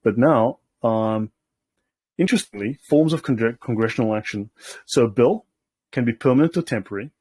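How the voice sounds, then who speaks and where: A man's voice: medium pitch, moderate pace, darkish tone, breathy edge, no room sound. A man hosting, reading documents aloud and commenting on them in a casual, sardonic way, often checking in with his listeners. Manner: sardonic, keeps checking in with "okay?". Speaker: host.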